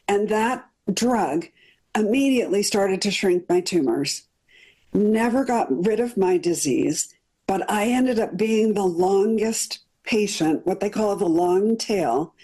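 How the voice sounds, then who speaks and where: A woman's voice: medium pitch, mellow, slightly rough, low-quality recording. A middle-aged woman telling her own story in an interview, earnest and detailed, repeating words for emphasis. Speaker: cancer survivor interviewee.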